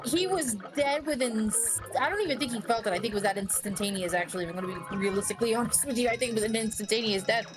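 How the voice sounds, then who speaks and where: On a casual stream, a woman recounts a tabletop game session to friends, animated and expressive, cursing freely and laughing often. Her voice is slightly higher than average, and she races along with hardly any pauses. Soft music plays in the background.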